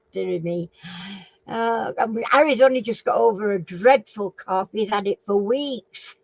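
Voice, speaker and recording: A Northern English woman hosting a casual live-stream chat. She rambles along and keeps clearing a frog in her throat. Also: mid-range voice, takes it slowly, dry recording, rough recording. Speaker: live chat and quiz host.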